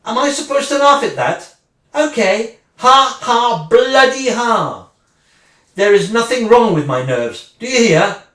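A woman's voice: medium pitch, big pitch swings, normal speed, lightly acted. A woman acting a sarcastic, wounded wife who is leaving her husband, speaking one side of a phone call in a dramatic monologue. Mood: furious. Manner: sarcastic, swinging between mocking and furious. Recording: roomy, distant mic.

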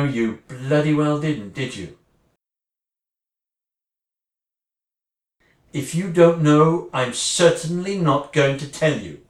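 A woman acting a sarcastic, wounded wife who is leaving her husband, speaking one side of a phone call in a dramatic monologue. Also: sits low. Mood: cold hurt. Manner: sarcastic, swinging between mocking and furious. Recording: roomy, distant mic.

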